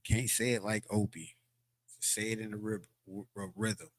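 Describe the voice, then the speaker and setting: A man's voice: fairly low pitch, fairly even intonation, moderate pace. A man teaching a language lesson from a board in a loose, conversational way, full of fillers and repeated words. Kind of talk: teaching from a board, casual lecture. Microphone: streaming setup.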